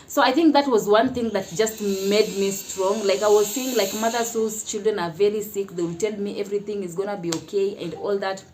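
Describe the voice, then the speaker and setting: A woman's voice: mid-range voice, steady tone, brisk, hardly any pauses, darkish tone, slight background noise. A Kenyan woman telling a personal story in a casual vlog, chatty, often laughing and mixing in Swahili phrases. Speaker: mother sharing her experience.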